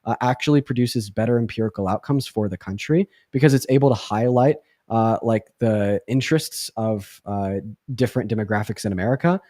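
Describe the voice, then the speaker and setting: Young man, livestream host, rambling, sarcastic, rapid, dry. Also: lowish voice, dark tone, dry recording. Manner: rambling, filler-heavy, sarcastic. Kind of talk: casual livestream chat.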